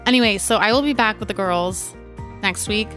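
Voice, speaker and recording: A woman's voice: mid-range voice, moderate pace, fairly bright tone, soft background music. A young adult woman hosting a casual faith podcast, talking in an earnest, chatty way with many fillers. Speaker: podcast host.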